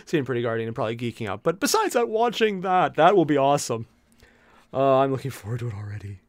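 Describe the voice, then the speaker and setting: A young man streaming while he paints miniatures, chatting with viewers in an animated, jokey way. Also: medium pitch, quick pace, dry recording. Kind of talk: casual live-stream chat.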